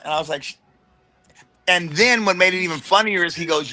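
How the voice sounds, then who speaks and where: A middle-aged man from the United States, a wrestler guest telling stories in an animated, slangy way and slipping into quick impressions. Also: high-pitched. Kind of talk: casual storytelling chat.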